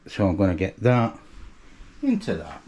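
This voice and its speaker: A man's voice: low-pitched, wildly swooping pitch, normal speed, warm tone, slight background noise. A man vlogging in a chatty, joking, self-mocking way, recorded on his phone. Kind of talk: casual vlog chat.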